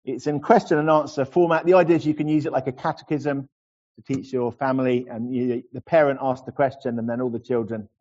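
A middle-aged man preaching a sermon earnestly, slowing down to linger over key phrases. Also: medium pitch, fairly even intonation, darkish tone, dull audio. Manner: earnest, slows to savor phrases.

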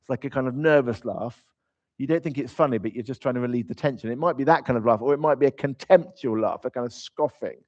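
A man's voice: mid-range voice, fast, darkish tone. A man with a mid-range voice preaches a conversational sermon, emphatic and dotted with humorous asides. The recording sounds slightly dull and lo-fi.

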